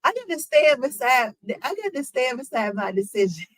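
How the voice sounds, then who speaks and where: A woman's voice: high voice, very animated, moderate pace, no echo, rough recording. A woman streamer reacting casually to celebrity news, talking straight to her viewers with rhetorical questions. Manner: talks to chat, rhetorical questions, African American Vernacular English phrasing.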